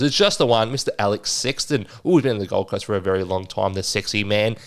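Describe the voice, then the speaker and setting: A man's voice: lowish voice, fast talker, few pauses. Chatty man talking footy bets. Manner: chatty, excitable, self-correcting with asides. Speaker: sports tipping podcast host. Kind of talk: casual betting preview chat.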